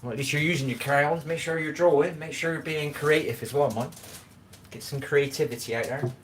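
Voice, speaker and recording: A man's voice: on the high side, fairly quick, slight background noise. A man chatting casually to his live-stream viewers while he cooks and tidies at home, rambling from topic to topic and swearing bluntly now and then. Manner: rambling, chatty, talks straight to viewers in chat. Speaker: livestream host. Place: home kitchen.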